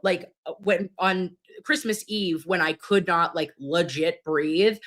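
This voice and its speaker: A middle-aged nurse hosting a live stream, chatting with viewers and reading their comments while she gets over pneumonia and keeps clearing her throat. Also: lowish voice, slow, fairly bright tone. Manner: chatty, calls viewers babes, reads comments aloud. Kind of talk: casual live stream chat.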